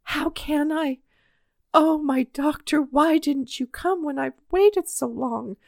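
A woman voicing an earnest, emotional young boy with a high, tearful, pleading voice. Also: a little slow, dry recording, clean studio sound. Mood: despairing.

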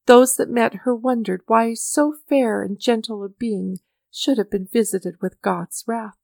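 A woman reading a story aloud as narrator, with measured, mournful storytelling. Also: a little high, gravelly, darkish tone, dry recording, studio quality. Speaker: audiobook narrator. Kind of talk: scripted narration.

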